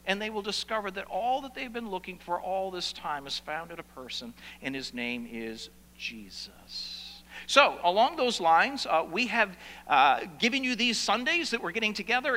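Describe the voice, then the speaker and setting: Animated high-voiced pastor in a reverberant hall. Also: male voice. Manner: animated, drawn-out emphatic delivery with pauses. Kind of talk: sermon.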